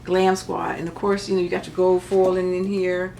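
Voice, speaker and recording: A woman's voice: on the low side, little pitch movement, normal speed, vocal fry, warm tone, a little hiss or hum. A middle-aged woman chatting casually through a craft paper haul, rambling with joking asides. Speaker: crafting vlogger. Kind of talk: casual haul show-and-tell.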